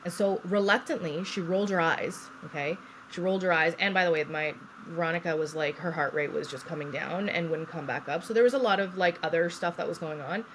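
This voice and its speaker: A young woman co-hosting a podcast, telling her story in a casual, animated way, swearing freely and acting out what people said. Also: on the low side, quick pace, few pauses, slight background noise. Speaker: podcast co-host.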